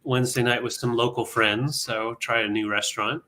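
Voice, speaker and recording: A man's voice: medium pitch, fairly even intonation, a little fast, sharp tone, rough recording. A man co-hosting a casual live stream from downstairs at home, chiming in with short asides. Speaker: co-host, host's husband. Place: downstairs in the same house.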